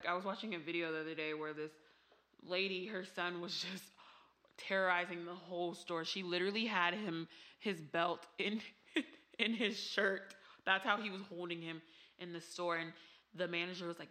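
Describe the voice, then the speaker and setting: A woman with family from Haiti, chatting casually and telling animated stories full of "like" and laughter. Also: on the low side, normal speed. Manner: animated storytelling with frequent "like" and laughter. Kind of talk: casual chat.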